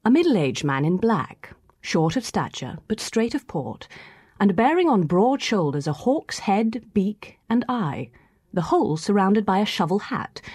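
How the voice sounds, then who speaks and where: A woman narrating a classic novel aloud in a measured, storytelling manner. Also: fairly low pitch, a little mellow, husky, no room sound, clean studio sound. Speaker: audiobook narrator. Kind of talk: scripted reading of a classic novel.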